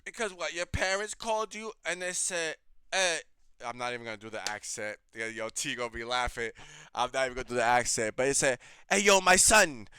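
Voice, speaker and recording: A man's voice: mid-range voice, fast, bright, forceful tone, clean tone, no room sound. A man hosting a reaction show, ranting in blunt, heated, profane commentary.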